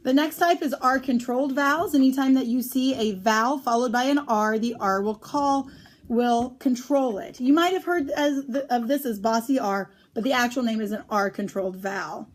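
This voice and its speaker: A woman teaching a phonics lesson on syllable types, speaking clearly and drawing out the example words slowly. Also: on the high side.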